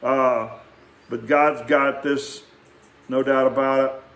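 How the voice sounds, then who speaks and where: A middle-aged man telling a rambling, animated story in a casual way and acting out quotes. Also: medium pitch, slow pace, reverberant. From Texas. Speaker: vlogger.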